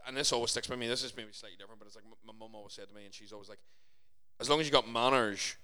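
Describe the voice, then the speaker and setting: A young Scottish man talking quickly in casual podcast chat. His voice is bright and forward, and he rants and swears as he acts out old arguments. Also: on the low side. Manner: ranting, swearing, animated storytelling.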